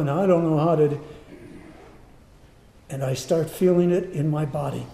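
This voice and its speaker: Earnest preacher with a mellow voice. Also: male voice, on the high side, moderate pace, vocal fry, pauses often. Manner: earnest, animated storytelling. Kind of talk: personal story told in a sermon. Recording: roomy echo.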